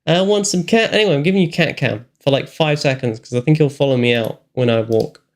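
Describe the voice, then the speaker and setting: A high-voiced man chats playfully on a live game stream, teasing his audience and cooing softly to his cat. His voice bounces around a roomy home space with a clear echo. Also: brisk. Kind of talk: casual live-stream chat.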